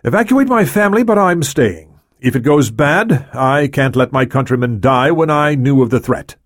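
A man voices a resolute prime minister in an audiobook, sounding firm and defiant. His medium-pitched delivery has lively intonation and a moderate pace, pitched above his own voice yet close to an everyday one, in a dry, studio-quality recording.

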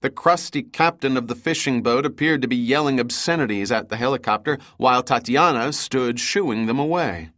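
A man giving steady, even scripted audiobook narration of an adventure novel. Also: mid-range voice, normal speed, hardly any pauses, no echo, studio quality.

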